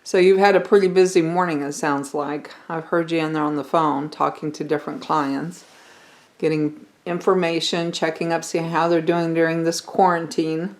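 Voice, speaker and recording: A woman's voice: low-pitched, fairly even intonation, normal speed, rough recording. Chatty older homesteading woman. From Missouri. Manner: homely, chatty, talks to viewers as friends. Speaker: vlogger. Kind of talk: casual vlog chat to camera. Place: home kitchen. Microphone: handheld camera.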